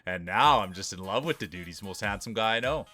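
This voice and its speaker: A man's voice: lowish voice, animated, quick pace, sharp tone, no room sound. Joking hype-man marble race streamer. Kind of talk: live marble race commentary.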